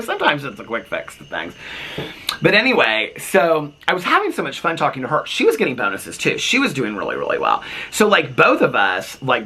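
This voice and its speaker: A man's voice: medium pitch, slightly rough. A man telling a long casual story on his vlog, chatty and full of asides, on a front porch. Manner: animated, chatty, lots of fillers and asides. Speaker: vlogger.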